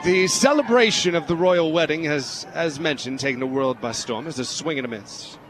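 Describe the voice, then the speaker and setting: A man's voice: on the high side, moderate pace. A man doing radio play-by-play of a baseball game in a playful put-on English accent. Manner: playful mock-British delivery. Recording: radio broadcast with loud background noise.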